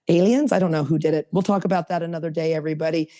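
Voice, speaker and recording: A woman teaching a sponsorship workshop over a video call, talking in a lively, chatty, coaxing way. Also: sits low, quick pace.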